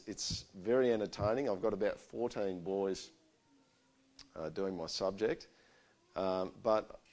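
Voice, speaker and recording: A middle-aged man, preaching a sermon and telling stories in a conversational, animated way. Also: low-pitched.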